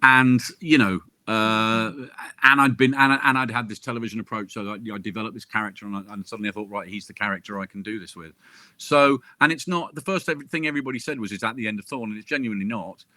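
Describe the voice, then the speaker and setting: Bright, chatty man on a dry call. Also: on the low side, quick pace, dry recording. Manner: chatty, self-interrupting, jokey asides. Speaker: crime author interviewed as guest. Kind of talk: casual chat.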